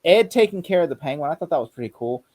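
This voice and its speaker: A man's voice: fairly high pitch, lively intonation, racing, a little mellow, no room sound. A man co-hosting a casual podcast chat, rambling and acting out scenes as he retells them. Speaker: podcast co-host.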